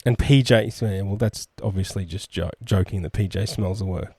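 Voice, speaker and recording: A man's voice: fairly low pitch, normal speed, mellow, husky, dry recording, studio quality. A man co-hosting a podcast, trading crude, mocking jokes. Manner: mocking, insulting. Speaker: podcast co-host. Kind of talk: crude comedic banter.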